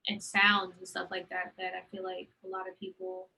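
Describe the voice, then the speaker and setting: A young woman with a lowish, gravelly voice talks at normal speed, with slight background noise on a low-quality recording. She co-hosts a casual podcast chat, animatedly telling stories and acting out others' words.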